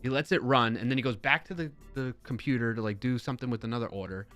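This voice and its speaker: A man hosting a live stream, telling a story in a casual, rambling way with lots of fillers and self-corrections, sounding baffled and animated. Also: mid-range voice, quick pace, soft background music. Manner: incredulous, animated retelling.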